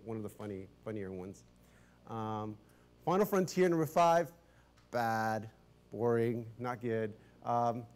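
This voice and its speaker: A middle-aged man preaching as a pastor, telling a story in a chatty, animated way, often restarting his sentences and laughing. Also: medium pitch. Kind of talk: casual storytelling sermon.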